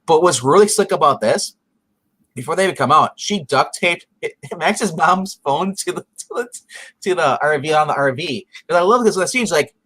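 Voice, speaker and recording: A man co-hosting a casual review show, retelling scenes in an animated way and briefly doing the characters' voices. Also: on the high side, normal speed, breathy edge. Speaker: podcast co-host.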